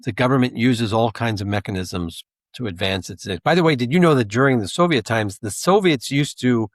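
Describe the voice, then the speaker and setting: A man's voice: medium pitch, fairly quick, no room sound. A man co-hosting a podcast, talking in a rambling, casual way with asides and restarts. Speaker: podcast co-host, intelligence analyst.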